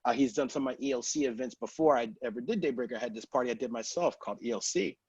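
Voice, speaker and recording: A man's voice: mid-range voice, racing, darkish tone, breathy edge, no room sound, highs cut off. A man from Texas, a podcast guest, telling a story in a casual, chatty way, full of "like" and "you know".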